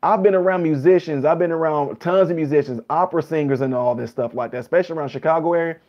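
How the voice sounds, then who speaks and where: A man chatting to his viewers in a relaxed reaction vlog, his voice sitting a little high for a man. He keeps it loose and conversational and talks to the audience directly. The recording sounds dull and lo-fi. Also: quick pace. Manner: chatty, loose, addresses viewers as y'all and guys. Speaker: vlogger and musician. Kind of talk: casual reaction vlog commentary.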